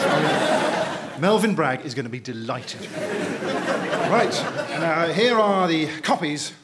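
A man's voice: a little high, lively intonation, slow pace, long pauses, crowd noise, noisy background. A man playing a pompous, blustering radio host who talks theatrically in a scripted comedy sketch.

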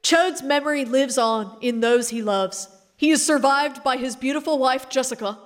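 A woman's voice: sits high, moderate pace, noisy background, close to an everyday voice. A woman playing a crass male shock-jock mourning. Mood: mock-solemn. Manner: mock-solemn, overdramatic eulogy. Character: crass male shock-jock radio co-host giving eulogy. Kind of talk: radio sketch comedy.

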